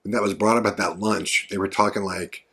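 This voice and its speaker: Male podcast host, very low gravelly voice, casual confiding storyteller, loose and rambling. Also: steady tone, fairly quick, a bit bright. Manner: rambling, conversational, with frequent fillers.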